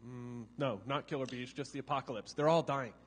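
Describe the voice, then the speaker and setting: A man's voice: mid-range voice, steady tone, fairly quick, long reverb tail. A man appearing as a guest in a comic improvised interview, speaking in a dry, matter-of-fact way. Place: large hall with a live audience.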